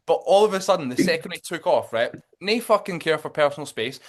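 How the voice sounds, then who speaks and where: A young man co-hosting a podcast, telling a story in a lively, sweary way and acting out what people said. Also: on the high side, quick pace. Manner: animated storytelling with lots of swearing and acted-out quotes. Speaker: podcast co-host. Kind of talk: casual chat.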